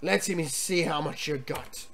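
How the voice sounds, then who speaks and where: A man voicing a drunken, gruff old pirate captain in a slurred sea-dog drawl while reading a retro computer game aloud. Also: a little high, a little slow, fairly bright tone, voice pushed down, exaggerated voice.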